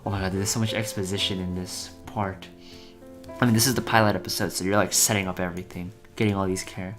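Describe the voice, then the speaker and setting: Low-voiced guy streaming a script read, chatty asides, soft guitar music behind. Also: steady tone, fast talker. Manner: chatty asides, reads stage directions. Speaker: vtuber streamer. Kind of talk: casual commentary on a script read.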